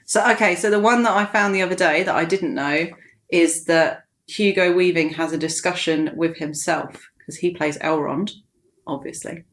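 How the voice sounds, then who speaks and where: A woman's voice: on the low side, moderate pace. A woman guest chatting casually on a podcast as an enthusiastic film fan.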